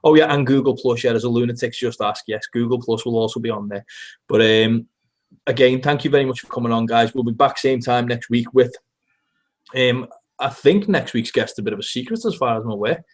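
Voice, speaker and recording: A man's voice: medium pitch, brisk. Chatty Scouse man co-hosting. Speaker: podcast co-host. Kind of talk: casual chat, sign-off. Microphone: video call.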